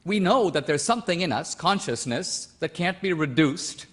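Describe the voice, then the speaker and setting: A man's voice: fairly high pitch, lively intonation, normal speed, a bit bright. A man from India arguing a point in a formal stage debate, insistent and full of pointed questions. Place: debate stage before a live audience.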